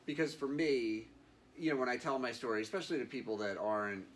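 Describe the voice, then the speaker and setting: A man's voice: medium pitch, fast, a bit bright, slight background noise. A man in his thirties, a guest in an interview, telling his story in an earnest, reflective way with many fillers. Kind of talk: candid interview.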